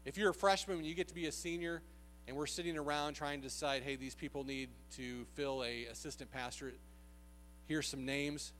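A man's voice: fairly high pitch, a bit bright, slight background noise. A man preaching a sermon, telling a personal story in an earnest, conversational way with frequent filler sounds.

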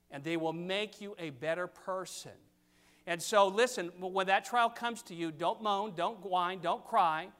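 An older man preaching a sermon, reading scripture and pressing his points with sudden loud stresses. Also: sits high, unhurried. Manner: emphatic, pulpit cadence with sudden loud stresses.

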